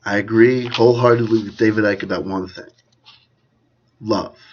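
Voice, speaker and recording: A man hosting his own channel, talking through ideas in a rambling, self-mocking way that swings between loud bursts and hushed asides. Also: lowish voice, fairly even intonation, normal speed, dull audio. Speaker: channel host. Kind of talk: rambling solo commentary.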